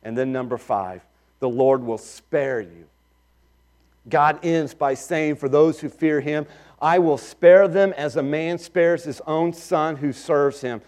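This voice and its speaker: A middle-aged pastor preaching a sermon, swinging between loud emphatic lines and quiet asides. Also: male voice, fairly high pitch, slow pace.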